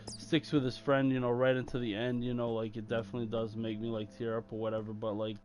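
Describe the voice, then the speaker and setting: A man's voice: mid-range voice, level tone, fast talker, a little mellow, a little hiss or hum. A young man chatting casually while he plays a game, rambling and slangy with lots of fillers. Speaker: gaming channel host.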